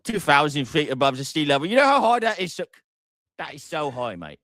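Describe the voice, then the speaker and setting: A man's voice: a little high, big pitch swings, a little fast, a bit bright, dry recording, studio quality, pitched above the performer's own voice. A man putting on a rowdy Cockney bloke. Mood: rowdy joking. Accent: put-on Cockney. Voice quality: rowdy, swearing, joking. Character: loud crude British bloke, hauling beer uphill.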